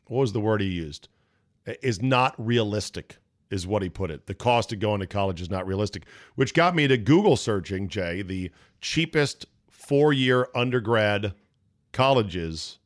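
A man hosting a sports talk show, casual and profane, riffing quickly with his co-host. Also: on the low side. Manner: brash, profane, rapid riffing.

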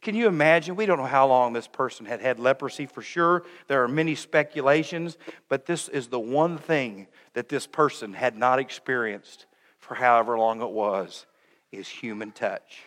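Earnest young pastor in a reverberant church. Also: male voice, mid-range voice, normal speed, fairly bright tone. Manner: earnest preaching that swings into joking asides. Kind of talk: sermon. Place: church sanctuary.

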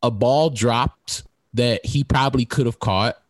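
A man co-hosting a casual sports talk show, telling stories in an animated way and laughing often. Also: mid-range voice, a little slow, no room sound.

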